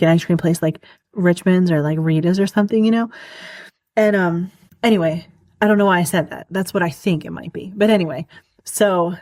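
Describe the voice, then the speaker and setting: A woman's voice: lowish voice, darkish tone, dry recording. A woman hosting a solo podcast, rambling and giggling often, with lots of "like" fillers, in casual chat. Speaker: podcast host.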